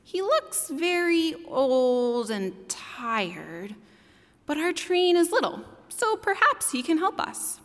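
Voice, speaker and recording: A woman's voice: high voice, very animated, slow pace, pitched above the performer's own voice, full character voice. A woman voicing a cheerful, pesky little toy clown who keeps hopefully calling for help. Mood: eager. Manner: bright, eager, optimistic. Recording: long hall reverb.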